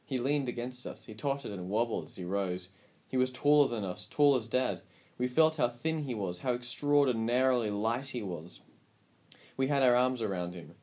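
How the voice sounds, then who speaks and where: A man reading a story aloud as an audiobook narrator, with calm, measured storytelling. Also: medium pitch.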